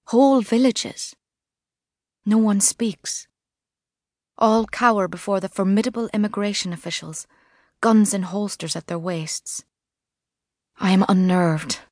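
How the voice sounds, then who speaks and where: A woman reading a first-person novel as narrator, measured and vivid. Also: medium pitch, fairly even intonation, darkish tone, no room sound, studio quality. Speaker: audiobook narrator. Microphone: studio mic.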